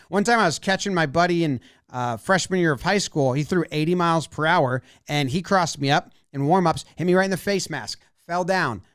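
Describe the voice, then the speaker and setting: Brief: male baseball analyst, high, bouncy voice, dry close sound, playful play-by-play breakdown. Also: clean tone, no echo. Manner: animated, acts out players' imagined lines.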